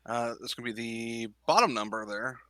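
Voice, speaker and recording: Guy playing dnd, low voice but really bright and forceful, lots of uhs, dry mic. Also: dry recording. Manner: halting, hesitant speech with many "uh"s. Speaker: player. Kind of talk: playing a tabletop game.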